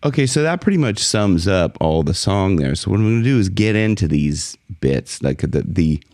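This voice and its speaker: A man teaching a singing lesson as a vocal coach, explaining technique in a relaxed way between short sung demonstrations. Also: normal speed, no echo, clean studio sound. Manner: speaks in a low fry, then jumps high to sing song lines in demonstrations.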